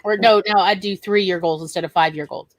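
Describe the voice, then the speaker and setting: A chatty woman with a Southern US accent, rambling along in a relaxed livestream conversation and laughing easily. She sounds close to the mic, with a dry, dead sound and no room echo around her voice. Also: medium pitch, a little fast. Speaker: host. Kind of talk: casual chat on a livestream.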